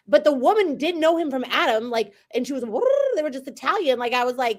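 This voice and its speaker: Woman co-host, bit higher voice, teasing, tells stories with lots of energy. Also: quick pace, few pauses. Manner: teasing, animated storyteller. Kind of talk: casual chat.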